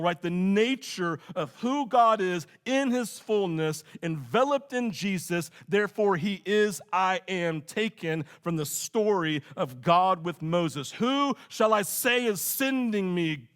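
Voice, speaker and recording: Animated storytelling male pastor, high voice. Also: a little slow, hardly any pauses. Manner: animated, conversational, frequent "right?" asides. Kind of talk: sermon with storytelling.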